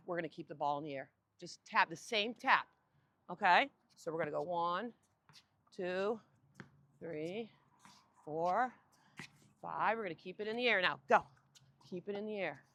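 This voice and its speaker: A woman coaching a group on an outdoor tennis court, giving lively directions and asking the group questions. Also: on the low side, normal speed, long pauses.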